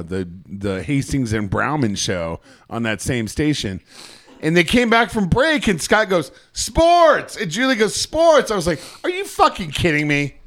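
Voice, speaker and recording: A man co-hosting a casual sports podcast, bantering in a profane, animated way. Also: mid-range voice. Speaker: podcast co-host. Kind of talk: casual chat.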